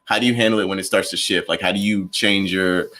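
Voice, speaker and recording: A man hosts a live football watchalong in easy, loose chat. He talks in animated bursts, laughs a lot and stumbles over his own words as he goes. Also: sits low, fast. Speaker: watchalong host. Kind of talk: casual sports chat.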